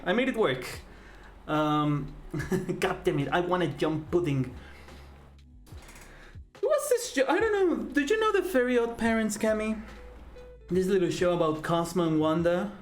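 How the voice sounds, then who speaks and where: A live-stream host chatting casually while drawing, rambling with many fillers and self-corrections and often breaking into laughter and excited greetings. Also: medium pitch. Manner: laughs easily, with sudden excited outbursts.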